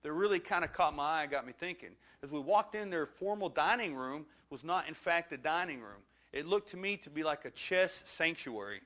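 A man's voice: on the high side, lively intonation, fairly quick, fairly bright tone. A man, preaching a sermon and telling a funny personal story with self-deprecating humor. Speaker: pastor.

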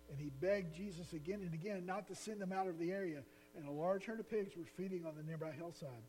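A man's voice: fairly high pitch, a little fast, few pauses, mellow, slight background noise, rough recording. A male pastor preaching an earnest, emphatic sermon, asking his listeners questions.

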